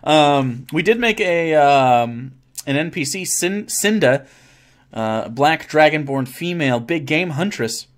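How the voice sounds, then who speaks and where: Guy streamer, kinda high voice, jokey and rambly, swears a bunch reading chat messages. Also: lively intonation, slow. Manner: joking, swearing, rambling with restarts. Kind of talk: casual live-stream chat.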